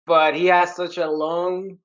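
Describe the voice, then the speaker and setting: A man's voice: high-pitched, flat delivery, a little slow. A man co-hosting a podcast, laid-back and giggly in casual chat. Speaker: podcast co-host. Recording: muffled lo-fi podcast audio.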